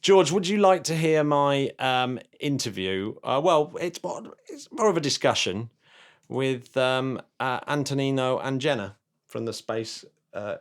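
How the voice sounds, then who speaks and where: A man's voice: mid-range voice, animated, a little slow. A man hosting a podcast in casual chat, rambling with many restarts and fillers. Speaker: podcast host.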